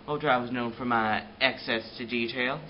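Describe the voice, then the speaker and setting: A man's voice: mid-range voice, steady tone, moderate pace, pitched below the performer's own voice, lightly acted. A boy playing a pompous boastful Michelangelo. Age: teens. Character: boastful pompous male Michelangelo, self-important artist. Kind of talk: amateur school video sketch. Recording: dull lo-fi camera audio with hiss.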